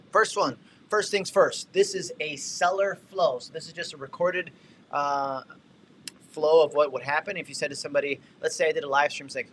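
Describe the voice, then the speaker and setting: A man hosting a casual livestream, walking viewers through real estate tech tools with energetic, chatty asides. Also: a little high, a little fast, slight background noise. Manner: energetic, talkative, shout-outs and asides.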